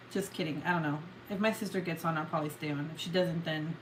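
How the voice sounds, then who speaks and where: A woman's voice: medium pitch, animated, normal speed, a little hiss or hum. A young woman from California who hosts a late-night livestream, chatting casually, sounding sleepy, swearing a lot and laughing often. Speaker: livestream host.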